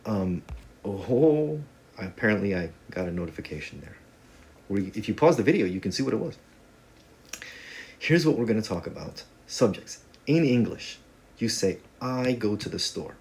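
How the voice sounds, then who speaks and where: A man's voice: fairly low pitch, expressive, normal speed, darkish tone. A man teaching a casual video lesson on Spanish grammar, talking in a conversational, joking way with playful asides.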